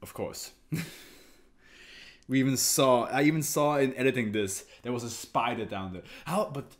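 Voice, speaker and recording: A man's voice: mid-range voice, normal speed. A man hosting an anime reaction video, chatting casually while he stands, jokey and laughing often.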